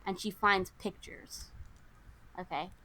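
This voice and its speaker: A young American woman co-hosting a podcast, retelling a movie's plot in a lively, indignant way. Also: medium pitch, slow pace, a little hiss or hum. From United States. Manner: animated, indignant storytelling with quoted lines. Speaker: podcast co-host. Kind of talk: casual movie recap chat.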